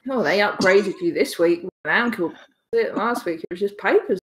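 A woman's voice: mid-range voice, a little fast, fairly bright tone. A woman co-hosting a gaming podcast, teasing her co-host in casual chat. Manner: teasing, joking.

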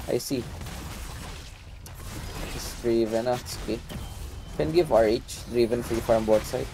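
A man with a Filipino English accent giving live gameplay commentary as a mobile game streamer, talking in short clipped callouts and repeating words in quick bursts. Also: mid-range voice, steady tone, creaky, noisy background. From Philippines.

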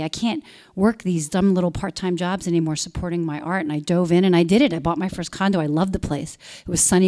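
A woman in her forties, an actress telling a personal story live on stage into a handheld mic, animated and bursting into loud quoted lines. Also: mid-range voice. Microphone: handheld stage microphone.

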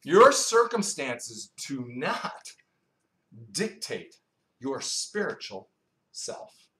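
Male preacher, mid-pitched, conversational Bible teacher who quizzes the room; roomy, echoey recording. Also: big pitch swings, extremely slow, bright, forceful tone. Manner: quizzes the congregation, asks and answers its own questions; conversational, with asides and storytelling. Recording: roomy echo.

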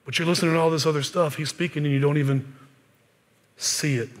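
A pastor in his forties giving a conversational sermon, often dropping to a soft, hushed voice. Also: on the high side, steady tone, fast talker. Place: church sanctuary. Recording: long church-hall reverb.

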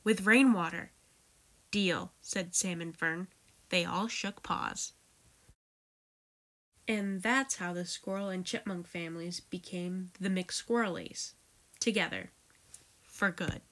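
Expressive woman reading a picture book. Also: on the low side, slow pace, long pauses. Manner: expressive, lively storytelling. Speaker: library storytime reader. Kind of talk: children's read-aloud.

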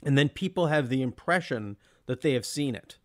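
An enthusiastic man co-hosting a podcast in casual conversation. He laughs often and slips into animated mimicry of other people. His voice sits at a middle pitch. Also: moderate pace. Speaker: podcast co-host. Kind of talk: casual film discussion.

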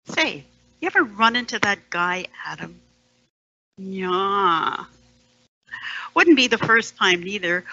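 Slow, sardonic woman poet. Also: on the low side, no echo, lo-fi sound. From Canada, Ontario. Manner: sardonic, with hushed whispered asides. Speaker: storyteller and poet. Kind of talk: dramatic poetry performance.

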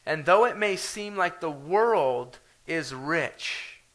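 A man's voice: a little high, lively intonation, slow, fairly bright tone, rough recording. A man pastor preaching a sermon in an earnest way, building to urgent questions.

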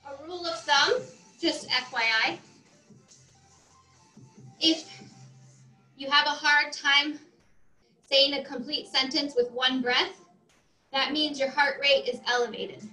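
A woman's voice: sits high, bright, forceful tone, roomy sound, poor audio. A woman fitness instructor leading a workout class, out of breath as she exercises and counts down the reps. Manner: encouraging, counts down reps, talks while exercising. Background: faint music.

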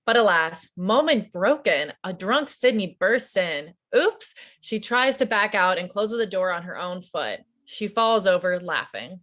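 A woman's voice: mid-range voice, animated, unhurried, few pauses, fairly bright tone. A woman reading stage directions in a livestreamed play, matter-of-fact.

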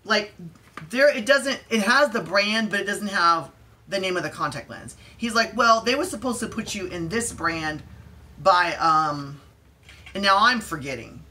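Bright-voiced woman ranting. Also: medium pitch, measured pace. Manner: exasperated, animated retelling with quoted dialogue; conversational with fillers and restarts. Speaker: vlogger. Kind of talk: storytime rant.

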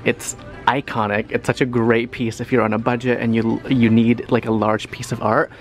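Chatty young man with gravelly creak. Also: medium pitch, normal speed, a little hiss or hum. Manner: animated, chatty, with dramatic reactions. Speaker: lifestyle vlogger. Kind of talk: shop-with-me vlog narration. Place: large home decor store.

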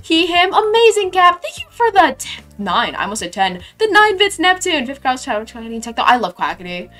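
A young woman streaming a game, chatting casually and reading her chat aloud with sudden excited squeals. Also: high-pitched, brisk, soft background music.

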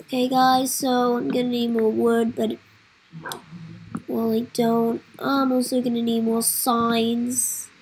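High-voiced woman hosting a game playthrough. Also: little pitch movement, slow, a little mellow, slight background noise, low-quality recording. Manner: melodramatic, talks straight to viewers. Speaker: gaming channel host. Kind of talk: casual let's-play commentary.

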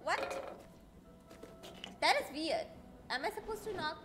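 A young woman streaming a game, chatting excitably and reading lines aloud. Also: very high voice, slow, over loud music. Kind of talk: live game commentary.

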